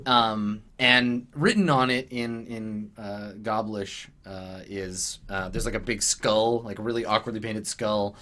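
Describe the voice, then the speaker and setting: A man's voice: fairly low pitch, fairly even intonation, unhurried, few pauses, bright, forceful tone. A man narrating as game master, rambling with many "um"s and "like"s.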